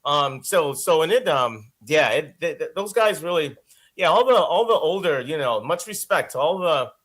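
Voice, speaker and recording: A man with a high voice talks as an interview guest. He is expressive and rambling, often restarting his sentences as he goes. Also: normal speed. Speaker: voice actor guest. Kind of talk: casual interview chat.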